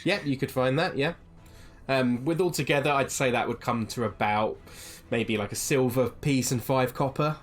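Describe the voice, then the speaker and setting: A game master running a tabletop fantasy session, narrating scenes in a mid-pitched voice. The delivery halts often with ums and restarts as descriptions are built up. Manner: halting, lots of ums, descriptive.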